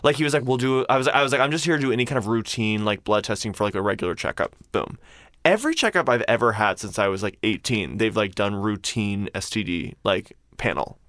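A man rambling through a casual podcast story, often quoting others in a lower, mocking voice. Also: lively intonation, fast talker, fairly bright tone, no echo, studio quality. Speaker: guest.

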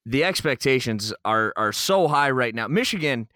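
A man's voice: mid-range voice, animated, moderate pace, sharp tone, no echo, clean studio sound. A man co-hosting a casual sports talk show, breaking down a matchup with confident analysis.

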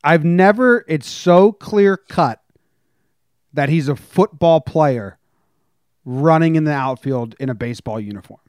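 A man's voice: a little high, measured pace, a little mellow, no room sound, clean studio sound. A man co-hosting a podcast in casual sports chat, laid-back and joking. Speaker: podcast co-host.

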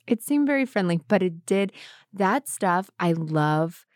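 A woman's voice: fairly low pitch, unhurried, no room sound, clean studio sound. A woman with a slight Southern American accent co-hosting a casual podcast, telling stories with lots of laughter and restarts. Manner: giggly, animated storytelling with restarts. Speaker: podcast co-host. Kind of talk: casual chat.

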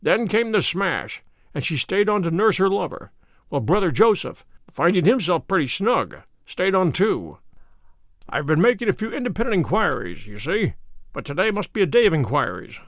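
A man voicing Sherlock Holmes, a musing, brisk male detective, in a dry read story. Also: high-pitched, very animated, a bit bright, no room sound, heavily acted. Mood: reflective.

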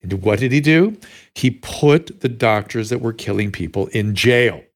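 A man hosting a talk show, telling a story in a casual, animated way with frequent restarts. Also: medium pitch, unhurried. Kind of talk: casual conversational interview.

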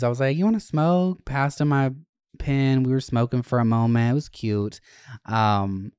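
Swearing freely, a young podcast host spins a casual story in a loose, animated, chatty manner. His voice is mid-range and smooth, and the recording is dry with no echo.

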